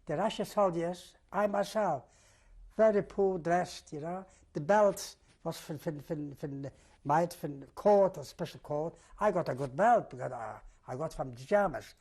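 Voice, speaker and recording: An older man giving an oral history testimony in halting, non-native English, often repeating himself as he retells events vividly. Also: on the high side, a little mellow, breathy edge. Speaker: testimony giver.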